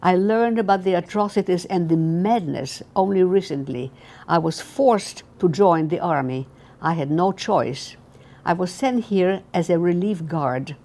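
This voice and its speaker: A gentle, anxious young guard who talks softly and apologetically, voiced by an elderly woman reading from her memoir. His tone is low and earnest. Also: a little slow. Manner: soft, pleading, apologetic.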